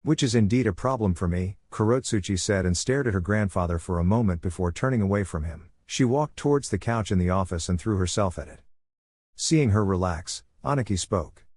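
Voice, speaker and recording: A man reads fan fiction aloud in a steady, plain way. His voice sits on the low side. The recording is dry and close, with no room around it. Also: fairly quick, no echo. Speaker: narrator.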